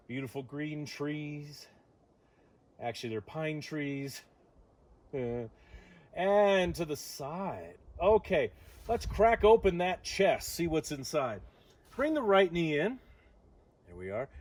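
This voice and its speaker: A man leading a morning yoga stretch outdoors, giving calm instructions with playful joking asides. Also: medium pitch. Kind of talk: guided yoga class. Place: outdoor deck on a windy morning.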